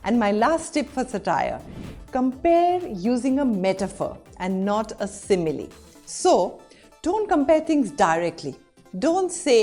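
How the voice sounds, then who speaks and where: A woman hosting a scripted explainer, bright and expressive. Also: on the high side, measured pace, soft background music. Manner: bright, clear, expressive delivery. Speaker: host.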